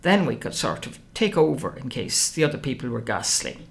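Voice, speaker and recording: A woman narrates a first-person novel with wry expression. Her pitch swings freely through each phrase, and a gravelly texture runs beneath her voice. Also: very animated, normal speed. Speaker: audiobook narrator.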